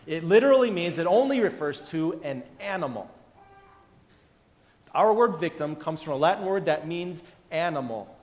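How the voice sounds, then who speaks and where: A man's voice: a little high, expressive, moderate pace, darkish tone, big-room sound. A male pastor giving a conversational sermon, often restarting his sentences and chuckling. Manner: conversational, self-interrupting, chuckling.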